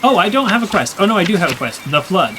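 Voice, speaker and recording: Over game music, a gamer gives let's play commentary, thinking aloud, reading the game's text out, and often sounding confused. He talks fast at a medium pitch, his slightly bright voice swinging widely, with slight background noise.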